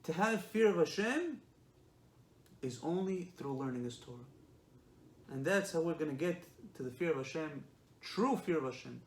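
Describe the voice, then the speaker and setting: A man's voice: a little high, animated, moderate pace, pauses often, slight background noise. A man giving a religious lesson, emphatic and repetitive, often asking rhetorical questions. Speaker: Torah lecturer. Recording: echoey room.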